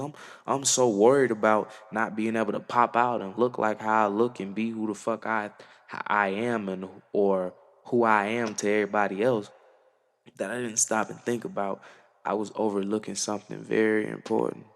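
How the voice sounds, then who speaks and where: A man's voice: lowish voice, fairly even intonation, normal speed, long reverb tail. A young man musician giving an earnest, slangy, profane monologue to camera. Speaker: musician vlogger. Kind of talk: reflective casual monologue.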